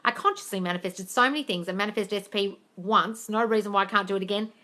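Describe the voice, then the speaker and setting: A woman's voice: mid-range voice, quick pace. A woman hosting a casual live Q&A on a phone stream, blunt and sweary, calling viewers darling and squealing at comments. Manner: animated, squeals and laughs at comments. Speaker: livestream host answering viewer questions. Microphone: phone livestream.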